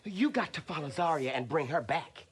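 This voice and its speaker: A man's voice: fairly high pitch, expressive, normal speed, a little hiss or hum. A man acting in a sitcom with a wisecracking, exaggerated delivery, over music and audience laughter. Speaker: sitcom character.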